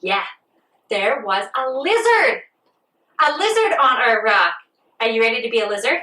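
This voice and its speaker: A woman leading a playful children's yoga lesson, animated and sing-song as she talks to a child. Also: on the high side, moderate pace, echoey room, distant mic, low-quality recording. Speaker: kids' yoga teacher. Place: outdoors on a farm.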